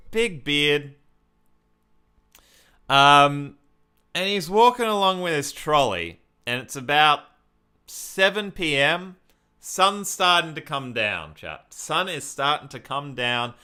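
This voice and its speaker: Man, unhurried, lively pitch, bright clear voice, chatty streamer. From Australia. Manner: chatty, talks to chat, often laughs. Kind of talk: casual live-stream commentary.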